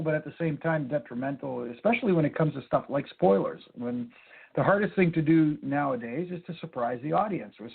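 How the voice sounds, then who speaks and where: Gravelly man on a phone line. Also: fairly high pitch. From Canada. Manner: rambling storyteller, many fillers and restarts. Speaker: former wrestling referee, interview guest. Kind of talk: casual phone interview.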